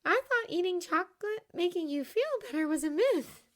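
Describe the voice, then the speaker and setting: A woman reads in a young schoolgirl witch with a very high, wavering voice that leaps all over its range. She sounds close to tears and easily shaken, stammering and earnest. It is a fan audiobook character voice. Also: lively intonation, normal speed. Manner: high, trembling, easily upset. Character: tearful young schoolgirl witch, girl about twelve.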